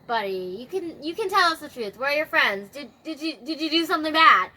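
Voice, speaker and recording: Suspicious male friends who coax and pry, pressing for a confession, as a woman puts them on. The voice is high and bright. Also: lively intonation, brisk, slight background noise, exaggerated voice, rough recording. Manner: coaxing, prying.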